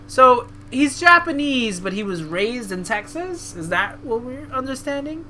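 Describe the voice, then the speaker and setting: A woman's voice: sits high, very animated, a little slow, hardly any pauses, sharp tone, slight background noise. A woman from Brooklyn streaming a wrestling game, chatting casually and joking about her own bad accents as she reads the game text aloud. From Brooklyn, New York. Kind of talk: casual stream commentary while reading game dialogue.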